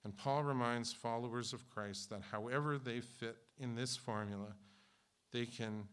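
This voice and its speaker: A man's voice: medium pitch, normal speed, fairly bright tone, clear, resonant tone. A man in his fifties preaching a sermon as a church pastor, flippant and a little sarcastic, talking off the cuff. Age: 50s.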